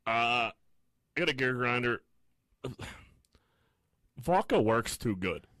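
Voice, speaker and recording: A man's voice: mid-range voice, lively intonation, slow pace, sharp tone, no room sound. A man in laid-back, profane banter with friends. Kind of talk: casual chat.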